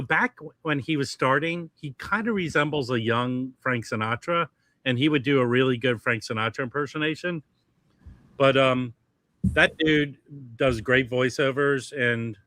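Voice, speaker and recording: A man's voice: mid-range voice, pushed and bright, no room sound. A man hosting a livestream in casual chat, chatty and hopping between topics. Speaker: livestream host.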